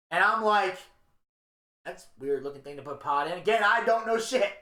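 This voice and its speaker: Bright-voiced man telling wild stories. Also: high voice, reverberant. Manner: animated storyteller, swearing, acts out quotes. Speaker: podcast co-host. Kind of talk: casual storytelling chat.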